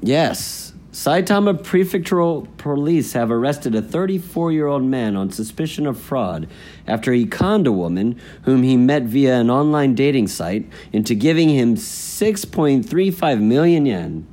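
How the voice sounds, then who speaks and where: A man's voice: mid-range voice, big pitch swings, unhurried, warm tone. Man reading news items on a podcast. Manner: reads news items aloud, dry asides. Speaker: host. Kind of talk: casual podcast news chat.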